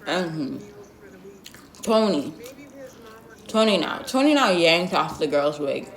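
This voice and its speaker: A woman's voice: fairly low pitch, sing-song, slow pace. Sassy young woman telling a story, roomy sound. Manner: blunt, sassy and slangy, with lots of asides. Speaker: vlogger. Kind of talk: storytime vlog, casual gossip. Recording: roomy echo.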